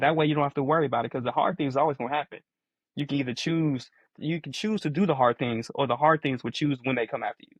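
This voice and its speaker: A podcast co-host in his forties chats casually in a mid-range voice at a quick pace, with no room sound. He's earnest, repeating phrases and restating his points as he explains them.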